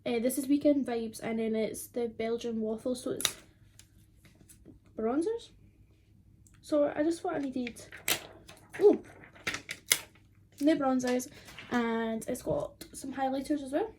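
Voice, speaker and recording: A woman's voice: sits high, slow pace, long pauses, noisy background. A twenty-year-old woman, chatting casually and rambling with lots of fillers while doing her makeup at home. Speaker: beauty vlogger.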